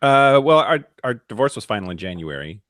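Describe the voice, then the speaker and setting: A man with a very low voice tells his story as a guest in a casual chat. The sound is dry and close. He talks candidly, in quick bursts. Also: very animated, fairly bright tone, no room sound.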